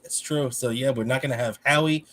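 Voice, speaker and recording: A man co-hosting a sports podcast, ranting in heated, animated casual talk and swearing freely. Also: mid-range voice, fairly quick. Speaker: podcast co-host.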